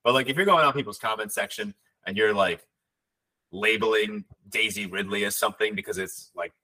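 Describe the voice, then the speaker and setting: A man's voice: lowish voice, brisk, pushed and bright, low-quality recording. A man co-hosting a podcast, chatting in an easygoing, agreeable way. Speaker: podcast co-host. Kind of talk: casual podcast chat.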